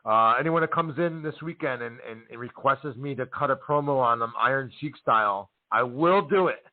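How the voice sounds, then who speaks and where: A man's voice: mid-range voice, normal speed. A sleep-deprived man co-hosting a podcast in casual, apologetic, rambling chat. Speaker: podcast co-host. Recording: tinny phone-like line.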